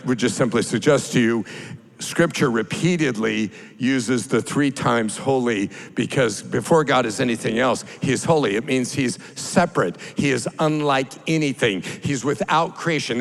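A man preaching a sermon as pastor, building from plain explanation to loud, drawn-out cries. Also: mid-range voice, vocal fry, poor audio.

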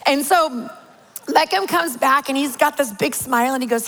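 A woman in her forties preaching a sermon, telling family stories with animated, playful exaggeration. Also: sits high, normal speed, a little hiss or hum. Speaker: pastor's wife preaching. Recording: long hall reverb.

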